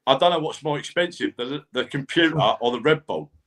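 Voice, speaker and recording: A man's voice: fairly high pitch, brisk, fairly bright tone. A man appearing as the guest medium on a live online show, chatty and teasing, often stammering at the start of a sentence. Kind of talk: casual live-stream chat.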